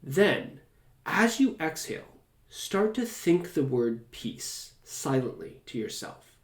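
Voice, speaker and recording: Soft-spoken man guiding a calm meditation. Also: on the high side, roomy sound. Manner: soft, slow and soothing, drawn-out phrases. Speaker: host. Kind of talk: calm guided meditation talk.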